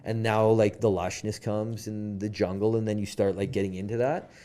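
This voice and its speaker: Speaking at a moderate pace in a lowish voice, a young Canadian man on a podcast relates a story. His delivery is lively and casual, peppered with fillers and acted-out quotes.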